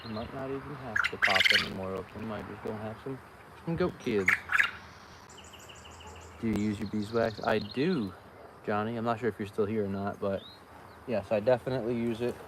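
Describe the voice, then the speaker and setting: A man's voice: on the low side, fairly even intonation, normal speed, pauses often. A man vlogging outdoors as he inspects his beehives, chatting casually and talking to the bees. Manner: chatty, talks to the bees, exclaims often. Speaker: beekeeper vlogger. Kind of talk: casual running commentary. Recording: outdoor noise in background.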